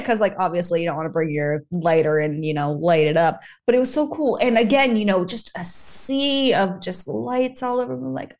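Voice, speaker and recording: A woman guesting on a podcast in casual chat, gushing and animated, acting out quotes and swearing freely. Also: medium pitch, moderate pace, hardly any pauses.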